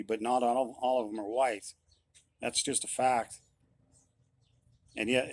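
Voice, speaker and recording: Middle-aged man, blunt and insistent monologue, mid-pitched voice, dry close sound. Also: no echo. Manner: blunt, insistent, repeats his points. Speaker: musician. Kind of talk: opinion monologue.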